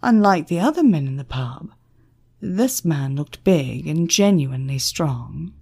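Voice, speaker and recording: Slow, husky woman reading a story. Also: on the low side. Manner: expressive, measured storytelling. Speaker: audiobook narrator. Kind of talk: scripted audiobook narration.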